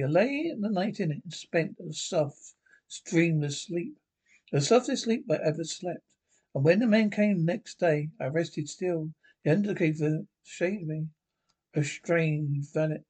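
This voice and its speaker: A man reads a gothic short story aloud, telling it in the first person with dramatic flair. His voice sits a little high for a man and carries a husky, breathy grain. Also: darkish tone. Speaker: reader.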